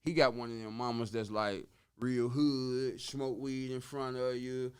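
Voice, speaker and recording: A man telling a story on a podcast in casual street slang, dropping in sound effects like woo and boom. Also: level tone, measured pace, darkish tone, smooth. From Chicago. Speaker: podcast guest.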